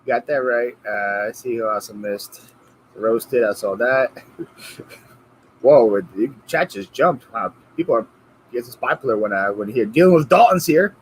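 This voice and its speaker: Man, live-stream host, easygoing, chuckly, mid-pitched voice, faint background hiss. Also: a little slow, rough recording. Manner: easygoing, greets chat viewers, chuckles often. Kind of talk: casual live-stream chat.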